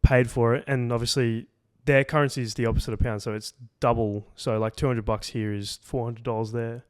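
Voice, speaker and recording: A man's voice: medium pitch, steady tone, a little fast, darkish tone, smooth, no echo, clean studio sound. A young man, telling a travel story in a loose, rambling way, full of "like" and casual swearing, on a podcast. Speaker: podcast co-host. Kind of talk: casual chat.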